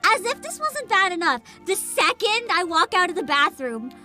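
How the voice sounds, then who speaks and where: A woman streaming a video game in casual chat, excitable, often shrieking, laughing and swearing. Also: very high voice, normal speed. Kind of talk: casual gaming livestream. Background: game music.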